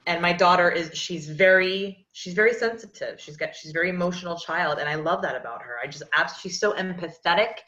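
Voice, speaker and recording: Brief: woman in her 30s, podcast host, earnest and rambling, bright forceful tone, lower voice. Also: a little fast, few pauses. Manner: rambling, earnest, many restarts. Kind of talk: casual podcast conversation. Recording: echoey, dull lo-fi sound.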